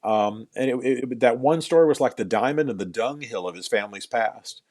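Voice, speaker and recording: A man's voice: mid-range voice, normal speed, darkish tone, no room sound. A middle-aged man, an author being interviewed on a podcast, telling stories in an earnest way, often repeating words as he builds a point and adding dry jokes at his own expense.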